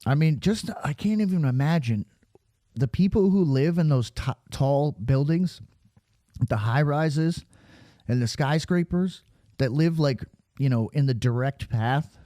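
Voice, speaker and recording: A man talks over footage on screen, out of breath and rambling, sliding from sarcasm into preaching. His voice is mellow and dark, and it sits close and dry on the mic. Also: a little high, lively intonation, a little slow, dry recording. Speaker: video creator. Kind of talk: casual commentary over weather radar footage.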